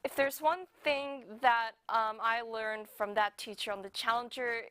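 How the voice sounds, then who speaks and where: A woman's voice: fairly high pitch, steady tone, a little slow, a bit bright. A woman hosting a satirical news segment, sarcastic with giggles between jokes. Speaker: comedy news host.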